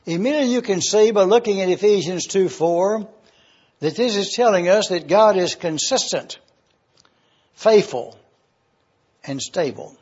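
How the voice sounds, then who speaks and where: Male pastor, high and husky, unhurried sermon delivery, dull lo-fi recording. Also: animated, darkish tone. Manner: slow, deliberate teaching cadence with listed points.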